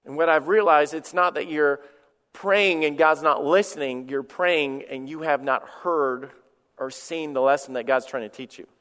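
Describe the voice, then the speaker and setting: A man's voice: fairly high pitch, moderate pace, fairly bright tone. A man preaching a sermon as pastor, talking conversationally, repeating himself and telling personal stories. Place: church sanctuary. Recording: long church hall reverb.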